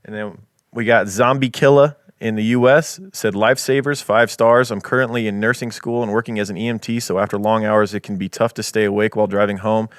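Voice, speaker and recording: A man's voice: on the low side, steady tone, brisk, smooth, dry recording, clean studio sound. A man co-hosting a podcast, reading listener reviews aloud in an easygoing, casual way. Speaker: podcast co-host.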